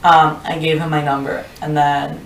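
A young woman with a fairly low voice chats casually, laughing and swearing as she tells her story, her talk full of "like". She sits back from the mic in an echoey room, with a faint hiss underneath. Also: little pitch movement, moderate pace, vocal fry, recorded from a distance. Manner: laughing, profane, lots of filler "like". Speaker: podcast guest telling a story. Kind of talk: casual chat.

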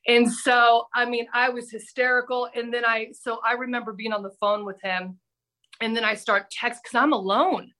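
A middle-aged woman, a former TV news reporter, telling a personal story on a podcast with animated, dramatic delivery. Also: a little high. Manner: animated, breathless anecdote-telling with dramatic pauses. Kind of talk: casual storytelling.

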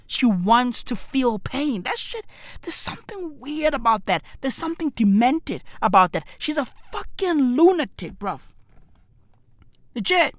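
A woman's voice: on the high side, fairly bright tone, no room sound. A woman hosting a podcast, ranting in a profane, repetitive way, close to the mic. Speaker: podcast host.

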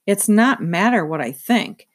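A woman's voice: medium pitch, expressive, unhurried. Luxa, a proud abrupt young princess, read by a woman. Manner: abrupt, indignant. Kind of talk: read-aloud storybook.

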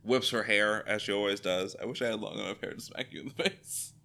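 A man's voice: lowish voice, brisk, creaky, pushed and bright. A man co-hosting a casual rewatch podcast, laughing often and swearing freely. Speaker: podcast co-host.

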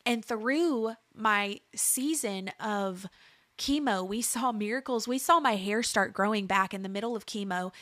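A woman's voice: medium pitch, unhurried, a bit bright, no room sound, studio quality. A woman in her thirties giving an earnest preaching testimony, building emphasis through repeated phrases. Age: 30s. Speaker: speaker sharing a faith testimony.

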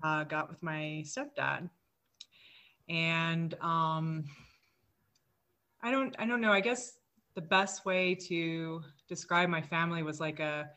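A woman guest on a podcast, recounting her life in a slow, hesitant, halting way. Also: low-pitched, bright, forceful tone. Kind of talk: casual interview chat.

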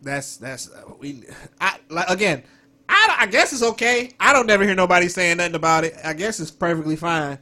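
A man, co-hosting a casual, crude comedic chat, animated and laughing a lot. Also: high voice, fairly quick.

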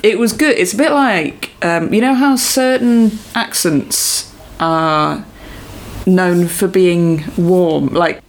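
A woman's voice: lowish voice, takes it slowly. A woman, co-hosting a casual podcast, chiming in with short agreements, asides and questions. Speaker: podcast co-host. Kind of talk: casual chat.

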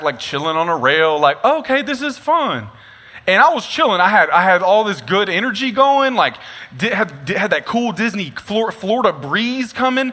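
A young man preaching a sermon, telling a comic story with lively asides. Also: high-pitched. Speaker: pastor. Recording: long reverb of a large hall.

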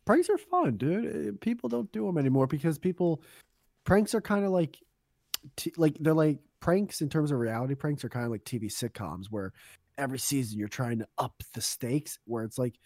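A man's voice: a little high, animated, normal speed, darkish tone, dry recording, clean studio sound. A young man co-hosting a casual podcast, telling rambling stories full of swearing and laughter. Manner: rambling storyteller, swears a lot, laughs often. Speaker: podcast co-host. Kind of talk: casual chat.

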